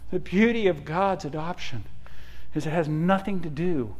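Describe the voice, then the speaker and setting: A middle-aged man preaching a sermon as pastor. He swings from hushed, drawn-out asides to loud, emphatic declarations. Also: on the high side.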